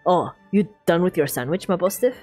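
A cheerful teenage boy voiced by a woman speaking in a thick put-on Russian accent, gushing with affection and exclamations over his sick dog. His voice bounces up and down with excitement. He sounds like a video game character read aloud by a streamer. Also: fairly low pitch, fairly quick, breathy edge, faint music behind. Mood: doting.

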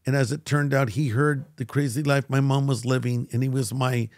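An older man tells a long personal story as an interview guest, putting on the voices of the people he quotes. He has a medium-pitched voice recorded dry and close, with no room sound. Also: fairly quick, dry recording. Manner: animated storyteller who acts out quoted voices. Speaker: guest pastor.

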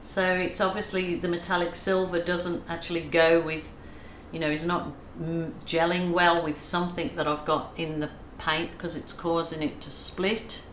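At a moderate pace with hardly any pauses, an Australian woman with a lowish voice and little pitch movement talks through a relaxed painting tutorial as an acrylic pouring artist. Her coaching is soothing and self-deprecating. There's slight background noise in an echoey room with faint ambience.

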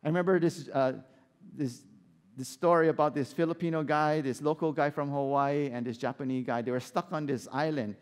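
A pastor preaches an animated sermon, putting rhetorical questions to the congregation. His voice is on the high side and fairly quick, with a clean tone and a long reverb tail.

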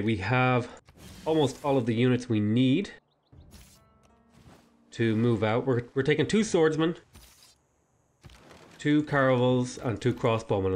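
A man's voice: mid-range voice, a little mellow. A man hosting a strategy game let's play, thinking aloud in casual commentary and talking back to the game's units.

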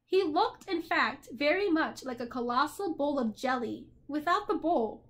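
A woman reading a children's novel aloud with expressive storytelling. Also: high-pitched, a little slow. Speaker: narrator.

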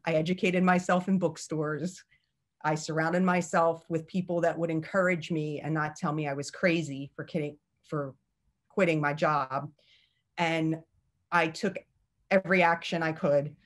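A woman's voice: low voice, steady tone, measured pace. A middle-aged woman giving a candid, chatty talk about her own journey, laughing often. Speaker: speaker. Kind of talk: personal story talk.

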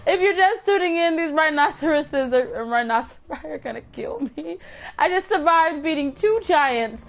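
Expressive and high, her voice moves at normal speed as she streams a game live, chatting with viewers. The young woman swears and shrieks whenever she's in danger, all through a dull lo-fi mic with audible noise.

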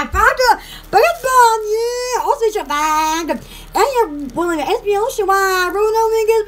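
A woman's voice: extremely high pitch, background noise. A woman chatting in a rambling, goofy live stream at home, giggling often. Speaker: vlogger.

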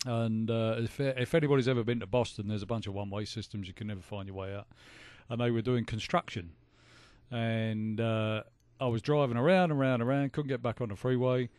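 A man's voice: medium pitch, fairly even intonation, a little fast, a little mellow, no echo. A man with a British accent co-hosting a radio talk show, telling easygoing stories. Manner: chatty anecdote-telling, agreeable. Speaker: radio co-host.

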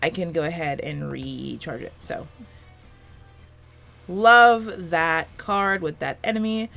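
A woman's voice: sits low, takes it slowly, creaky, a bit bright, soft background music. A woman in her twenties doing casual let's-play commentary from a small room, rambling and self-deprecating, swearing often. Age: 20s. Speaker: gaming YouTuber. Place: small room with a fan running.

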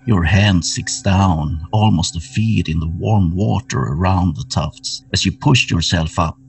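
Slow gravelly-voiced horror game master. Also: male voice, sits low. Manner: slow, atmospheric scene-setting. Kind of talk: narrating a horror tabletop game. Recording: somewhat distant mic with music underneath.

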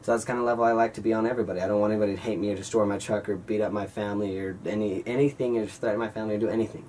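A man's voice: lowish voice, rapid-fire, slight background noise. A young man in his late teens telling a story from his school days in a casual vlog, rambling and swearing. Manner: rambling, swearing, excited retelling. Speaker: vlogger.

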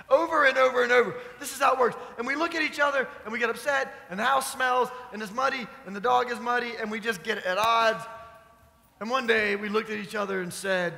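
A man with a high, bright voice delivers a sermon, moving from scripture reading into a homely story. He talks to the congregation in a conversational way and asks them questions. The voice carries a long reverb from the church hall. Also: expressive, normal speed, creaky. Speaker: pastor. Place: church sanctuary.

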